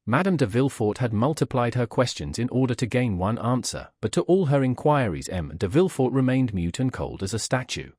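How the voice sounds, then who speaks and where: A man narrating a classic novel as an audiobook, with a measured, expressive reading. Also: mid-range voice, no echo, studio quality.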